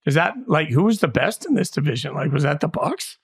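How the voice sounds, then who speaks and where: Blunt, slightly high-voiced male podcast host. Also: animated, fairly quick, vocal fry, husky. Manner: blunt, emphatic opinions with rhetorical questions. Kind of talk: casual sports podcast chat.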